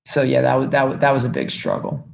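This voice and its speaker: A young man, a music business executive, talking casually as a podcast guest and telling animated stories with lots of fillers and restarts. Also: medium pitch, fast talker, vocal fry.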